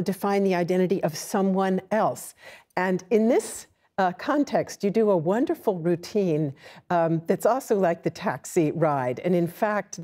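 Woman moderating a panel, low mellow voice, halting and thoughtful delivery. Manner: hesitant, many fillers and restarts.

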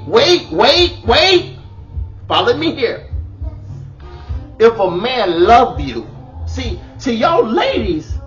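A man's voice: high voice, fairly bright tone, muffled recording. A middle-aged man, doing a comedic monologue of relationship advice, exclaiming and hamming it up in a bold persona.

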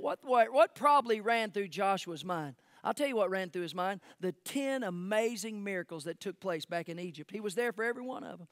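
A man preaching a sermon as pastor, swinging from shouted peaks to hushed, close asides. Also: sits high, normal speed, hardly any pauses, no room sound. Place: church sanctuary.

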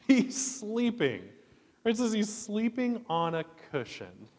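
A man from Oklahoma leading a children's chapel sermon, lively and asking the kids questions. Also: sits high, a little slow. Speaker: guest chapel leader. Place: church chapel. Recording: long hall reverb.

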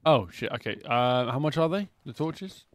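A man's voice: medium pitch, animated, normal speed. A man streaming a game, chatting casually with friends and often restarting his sentences. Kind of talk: casual gaming chat. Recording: faint background noise.

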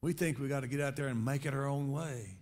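A man preaching a sermon as pastor, conversational, swinging between quiet reflection and loud emphatic rises. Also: fast. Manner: conversational preaching with sudden rises in pitch and volume.

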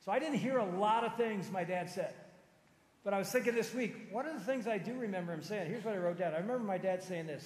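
A middle-aged man preaching a sermon, telling personal stories, moving from loud emphatic lines to soft low ones. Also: fast talker. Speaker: pastor. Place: large church sanctuary. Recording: roomy hall reverb.

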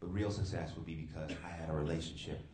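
Speaking quickly, a man gives a lively faith testimony before young people in a large hall, calling out to the crowd, and his voice rises steeply in pitch whenever excitement takes hold.

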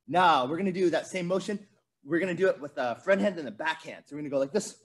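A man's voice: high-pitched, sing-song, fast talker. A man teaching a virtual martial arts class to kids, coaching energetically and counting out drills. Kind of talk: virtual kids' class instruction.

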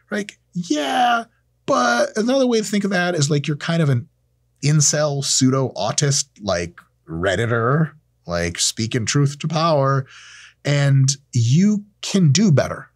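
A man in his thirties talks straight into the camera in a loose, profane rant, dripping with sarcasm. His voice is husky and slightly breathy, swinging widely up and down in pitch. The sound is dry and close, with no room around it. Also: big pitch swings, fairly quick, no echo. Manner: profane, sarcastic, acts out quoted people in silly voices. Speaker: host. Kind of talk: casual monologue to camera. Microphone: camera mic, close.

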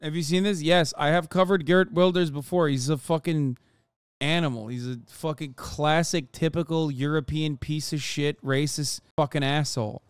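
A man's voice: a little high, steady tone, moderate pace, clean tone. A young man streamer giving a profane, emphatic reaction rant, often repeating himself. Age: young adult. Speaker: streamer and commentator.

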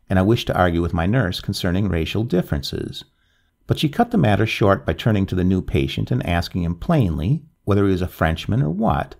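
A man narrating a ghost story in a measured, expressive reading. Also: sits low, vocal fry.

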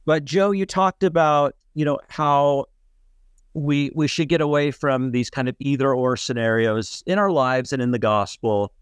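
Slow, smooth-voiced male interviewer. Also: mid-range voice, dry recording. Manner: unhurried, encouraging. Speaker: co-host asking questions. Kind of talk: interview questions.

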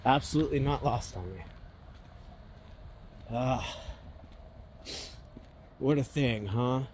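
A man's voice: medium pitch, slow pace, a little mellow, slight background noise. A man giving a personal monologue, talking bluntly and swearing often, with sudden emphatic swells.

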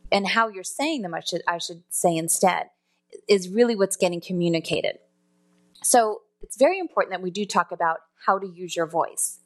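Woman explaining vocal skills in a lesson. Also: medium pitch. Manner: explanatory, self-correcting, demonstrates tones aloud. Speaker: customer service trainer. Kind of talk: spoken lesson.

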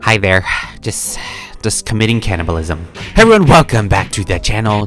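A man with a fairly low voice, giving casual gameplay commentary as a video host. He talks in a playful, chatty way, reacting out loud as he explores. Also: very animated, fairly quick, faint music behind. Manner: playful, chatty, frequent gasps and laughs.

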